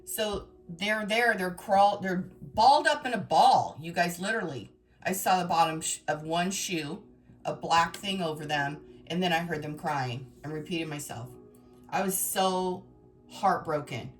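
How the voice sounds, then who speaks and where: A woman with a fairly low voice tells her viewers a story in an emotional, rambling way. She is a tarot reader talking straight to her audience, and faint music plays behind her. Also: a little slow, fairly bright tone. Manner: emotional, rambling, dramatic retelling.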